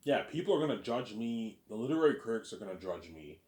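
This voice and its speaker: Deep-voiced man rambling fast. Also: big pitch swings, a little mellow, echoey room. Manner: repeats words and restarts often, loose and boastful. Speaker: author hosting his own listening series. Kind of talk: rambling casual monologue.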